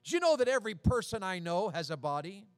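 A middle-aged pastor from Tennessee preaches in a high-pitched, folksy voice. He repeats phrases and fires questions at the congregation. The sound is dry and close, with little room echo. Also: very animated, quick pace, clean tone. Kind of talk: sermon.

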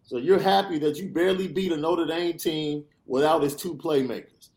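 A man's voice: fairly high pitch, fairly even intonation, moderate pace, darkish tone. A man hosting a sports podcast, ranting with emphatic, sarcastic repetition. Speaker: podcast host. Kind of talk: animated sports podcast rant.

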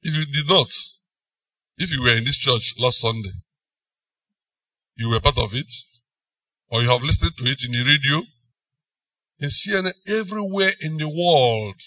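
Bright-voiced Nigerian man preaching. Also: mid-range voice, normal speed, long pauses, dry recording, recorded from a distance, highs cut off. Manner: emphatic, with sudden swings between loud and soft. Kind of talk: sermon.

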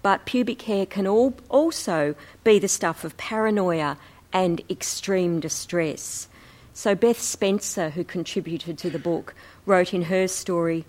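A woman presenting slides to an audience in a measured, explanatory way. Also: lowish voice, a little mellow. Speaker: presenter, co-editor of a book. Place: talk before an audience.

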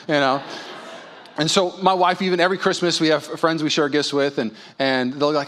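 A male pastor preaching a sermon at a church service, telling stories and acting out voices with lively energy. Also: on the high side, fast. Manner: animated storytelling, acts out dialogue.

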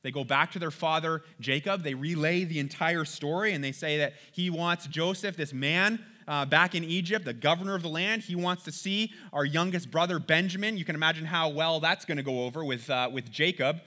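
A man with a bright, forceful, slightly high voice leads a Bible study. He reads passages aloud, then breaks off to comment in an easy, chatty way and keeps asking his listeners if they follow. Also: a little fast, hardly any pauses. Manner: reads scripture aloud, then comments casually, often asks "right?". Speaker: Bible teacher. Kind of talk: conversational Bible teaching.

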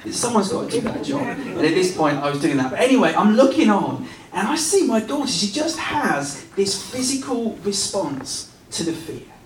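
A man giving a relaxed, self-deprecating sermon built around a family story, recorded in a church hall. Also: high voice, normal speed, a crowd in the background. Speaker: pastor. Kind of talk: sermon with personal stories. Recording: roomy sound from a distance.

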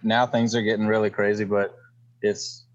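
A man's voice: on the low side, little pitch movement, normal speed, muffled recording. A man from Louisiana with a Cajun accent, a guest on a casual podcast, talking in a laid-back, matter-of-fact way. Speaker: podcast guest, company co-founder.

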